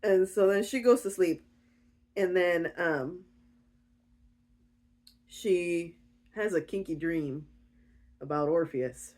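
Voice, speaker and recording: A woman's voice: fairly low pitch, takes it slowly, long pauses, darkish tone. A woman giving a casual, giggly, chatty recap of a romance novel. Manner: giggly, chatty, with frequent fillers. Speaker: book reviewer.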